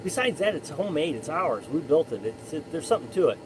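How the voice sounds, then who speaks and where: A man's voice: fairly high pitch, very animated, fast talker, background noise. A man hosting a casual live stream, chatting in a rambling way and often restarting his sentences. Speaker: live stream host reading chat.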